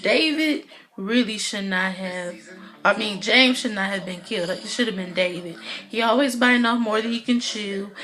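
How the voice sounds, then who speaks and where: A woman talking through a TV episode in a relaxed, chatty way, her voice sitting in a middling register. She rambles, stacks up "you know" and "like", and slips into the characters' voices as she retells scenes. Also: mid-range voice. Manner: animated, acts out the characters' lines while retelling. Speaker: vlogger recapping a TV episode. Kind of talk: casual episode recap.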